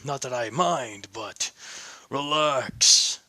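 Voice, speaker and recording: A scheming warrior king, as a man reads him out, unhurried and sly. He dodges blame with a run of cheerful denials. The voice is bright and dry, with no room around it. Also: mid-range voice, animated, dry recording, heavily acted. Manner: sly, brushing off accusations with playful denial. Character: bold scheming warrior king father, middle-aged man.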